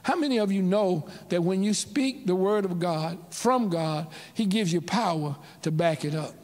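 A man's voice: high-pitched, normal speed, darkish tone. A man preaching a sermon as pastor, calling out to his congregation in rising and falling waves. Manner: call-and-response preaching, rising and dropping in waves. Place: church sanctuary. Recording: church hall reverb.

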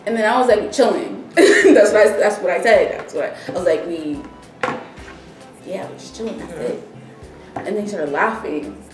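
A woman's voice: medium pitch, normal speed. A young woman vlogger casually telling a story, acting out what everyone said. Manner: animated, acts out quoted dialogue. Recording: roomy echo, distant mic, faint music.

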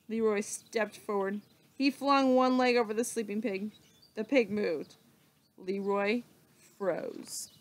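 A woman teacher reading a children's book aloud, slow and expressive with dramatic pauses. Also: mid-range voice.

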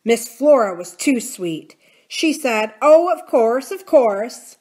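A woman's voice: a little high, lively intonation, slow pace, a little mellow, pitched above the performer's own voice. A woman reading aloud, voicing a kindly, anxious middle-aged housekeeper who asks startled, earnest questions.

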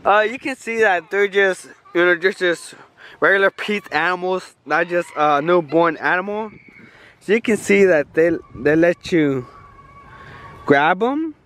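A young man vlogging casually at a family party, slangy and excitable, tipsy, mixing in Spanish words. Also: high-pitched, measured pace. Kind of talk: casual vlog chat. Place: outdoors at a family party on a ranch.

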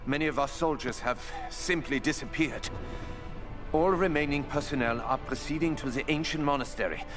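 A rigid, formal soldier, as a man plays him, reports losses over the radio in a German accent, his voice sitting at an ordinary pitch. Loud game music plays clearly behind him. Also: moderate pace, natural voice. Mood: stiff report. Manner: formal, military report delivery. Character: male enemy soldier reading a radio report.

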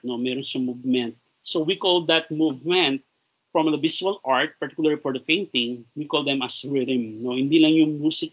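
A man with a Filipino accent teaching a recorded lecture, switching between English and Tagalog and often ending phrases with a questioning "no?". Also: medium pitch. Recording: dull lo-fi recording.

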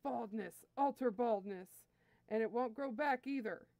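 Woman reader doing a burly male alien henchman, anxious and whining, stammering apologies; a dry close recording, voice a bit high. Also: expressive, normal speed, no echo, muffled recording, lightly acted. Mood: pleading.

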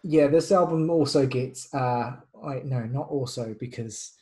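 A man's voice: mid-range voice, measured pace, darkish tone, poor audio. A man hosting a casual music podcast, talking loosely with plenty of fillers. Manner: chatty, loose, lots of fillers. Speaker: podcast host.

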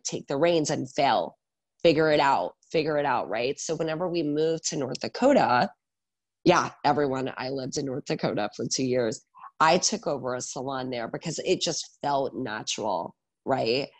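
A man in his thirties, a guest on an interview podcast, telling his story in an energetic, animated way with lots of filler words. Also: medium pitch, moderate pace. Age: 30s. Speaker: guest, salon owner and educator.

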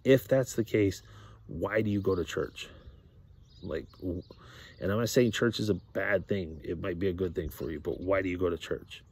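A man's voice: low-pitched, moderate pace, a little mellow, slightly rough. A man talking casually to camera about faith, rambling with many fillers and repeated words. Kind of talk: casual religious monologue to camera.

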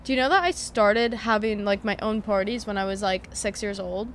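A woman's voice: medium pitch, moderate pace, slight background noise. A young woman in her twenties hosting a podcast, chatting casually and rambling with lots of fillers. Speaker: podcast host. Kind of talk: casual chat.

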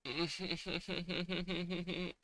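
A man's voice: sits high, little pitch movement, extremely slow, bright, forceful tone. A young man giving casual commentary while he plays a competitive game, thinking aloud and muttering, with sudden exasperated outbursts. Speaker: gaming streamer.

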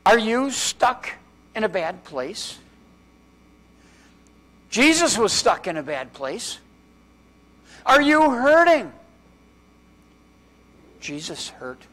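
A male pastor preaching a sermon in a church, with dramatic pauses and strings of rhetorical questions, dropping to a hush on key words. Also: sits high, slightly rough. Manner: drops to a hushed voice on key words.

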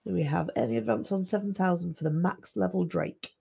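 A woman acting as auctioneer on a game livestream, calling lots and bids in a steady, methodical way. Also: fairly low pitch, fairly quick, creaky, husky. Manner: steady methodical lot-calling, selling once, twice, sold.

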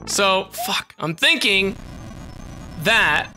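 A young woman giving live commentary on her gameplay, excitable and swearing often as she yells at the game. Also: mid-range voice, extremely slow, over music. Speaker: gaming video host.

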